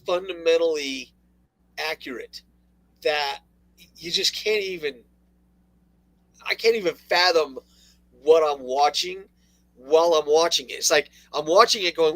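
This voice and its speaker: Talk radio co-host, male, high pitch, dry close sound, sarcastic and animated. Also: a little slow, long pauses, no echo, low-quality recording. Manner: animated, laughing, sarcastic asides. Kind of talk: casual political radio talk.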